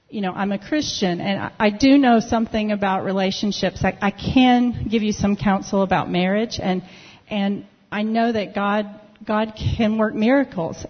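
A woman telling a lively story in church, acting out the people she quotes. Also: mid-range voice. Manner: lively, animated retelling with quoted dialogue. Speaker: church member sharing a testimony. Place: church sanctuary. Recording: dull audio with long hall reverb.

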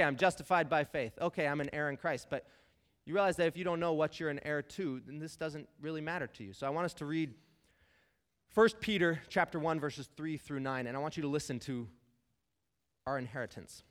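A man's voice: on the high side, fairly quick, fairly bright tone. A man preaching a sermon, emphatic and conversational, talking straight to the listeners. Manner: emphatic, conversational, addresses listeners as "you guys". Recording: long hall reverb.

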